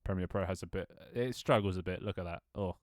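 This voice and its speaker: A man in his twenties talks through his stream in a loose, rambling way, laughing at himself and swearing now and then. His voice sits very low. The sound is dry and close, captured on a desk microphone. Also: fast talker, a little mellow, dry recording. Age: 20s. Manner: rambling, self-mocking, laughs often, swears casually. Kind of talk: casual live-stream chat.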